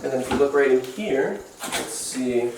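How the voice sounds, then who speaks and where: Cleaning enclosures indoors, the vlog host narrates casually and playfully to his animals in a medium-pitched, animated voice at a moderate pace. The audio is very noisy and roomy, picked up by a distant mic over background music.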